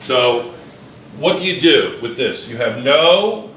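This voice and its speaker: Male chemistry teacher, bright voice, drills the class with repeated questions; roomy classroom sound. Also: medium pitch, animated, slow, distant mic. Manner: quizzing students, repeating questions. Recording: echoey classroom.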